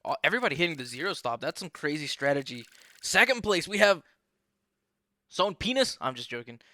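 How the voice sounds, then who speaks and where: A young man streams sim-race commentary in a slightly high voice, recorded close and dry with no room sound. He rambles, jokes and swears freely as he banters with his chat. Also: very animated, brisk, bright, forceful tone, no echo. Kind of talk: casual live-stream commentary.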